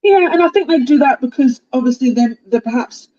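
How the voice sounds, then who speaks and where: A woman chatting casually as a guest on a live online panel, with quick interjections. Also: sits high, animated, dark tone, muffled recording.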